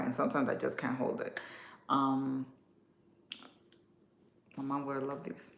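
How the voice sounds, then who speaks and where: A woman in her thirties hosting a casual livestream, chatting warmly and answering viewer comments. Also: very deep voice, little pitch movement, moderate pace, gravelly, long pauses. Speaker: livestream host. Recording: echoey room.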